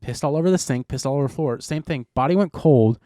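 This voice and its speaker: A man's voice: medium pitch, fast, dark tone, dry recording, studio quality. A young man hosting a podcast, telling a long story in a rambling, laid-back way with lots of fillers. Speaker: podcast host. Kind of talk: casual chat.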